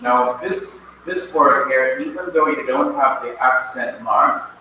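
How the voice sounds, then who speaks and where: A man's voice: medium pitch, bright, forceful tone, slight background noise. Man, teacher, patient and repetitive, very echoey room, distant mic. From Jamaica. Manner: slow, patient, repeats key points. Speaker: Bible language teacher. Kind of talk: classroom lecture. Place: classroom.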